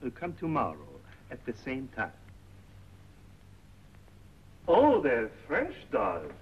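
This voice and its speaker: An actor playing a smooth, ingratiating bazaar owner who talks softly and courteously, in 1930s film acting. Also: male voice, medium pitch, wildly swooping pitch, a little slow, exaggerated voice. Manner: soft, coaxing, courteous. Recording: dull 1930s film soundtrack with faint hiss.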